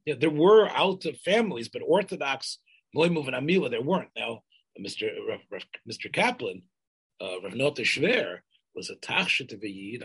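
Older man, husky, halting storytelling. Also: mid-range voice, fairly bright tone, low-quality recording. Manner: halting, many restarts, Yiddish and Hebrew terms. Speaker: interviewee. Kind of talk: oral history interview.

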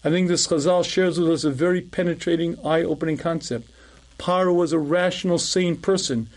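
A middle-aged man with a notably high-pitched voice teaches a lecture as a rabbi. He tells stories in a relaxed conversational way and clears his throat often as he goes. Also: moderate pace. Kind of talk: recorded lecture with storytelling.

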